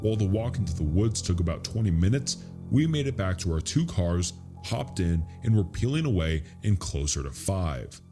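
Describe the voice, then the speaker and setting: A man reading a scary true story as a narrator, in a slow, hushed, suspenseful delivery. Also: low-pitched, sing-song, soft background music. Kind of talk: scripted horror story narration.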